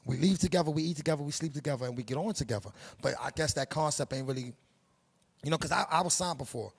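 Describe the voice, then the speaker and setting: Middle-aged Harlem man, New York accent, gravelly and husky, emphatic streetwise interviewee. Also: a little high, fast. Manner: streetwise, preachy, emphatic with slang. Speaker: production company head. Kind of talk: interview, casual monologue.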